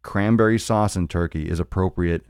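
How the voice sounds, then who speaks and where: A man's voice: deep voice, moderate pace, a little mellow, clear, resonant tone, no room sound, clean studio sound. A man hosting a live fitness podcast, talking in a rambling, joking way with plenty of swearing. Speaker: podcast host. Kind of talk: casual live-stream monologue.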